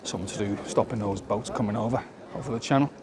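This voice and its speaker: Man, casual opinionated monologue, outdoors, clear street noise. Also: fairly low pitch, very fast. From Britain. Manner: rambling, opinionated, with rhetorical questions. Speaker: vlogger. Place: outdoors in a town.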